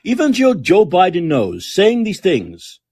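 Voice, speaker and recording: A man's voice: sits high, wildly swooping pitch, a little slow, darkish tone, husky. A man hosting a podcast, ranting angrily and sarcastically with lots of swearing. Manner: angry, profane, sarcastic ranting. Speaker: podcast host. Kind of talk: ranting political commentary.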